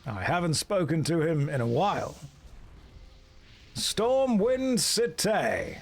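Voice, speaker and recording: Dry, joking streamer. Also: male voice, fairly high pitch, lively intonation, a little fast. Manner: dry, joking, answers chat. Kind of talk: casual chat while gaming.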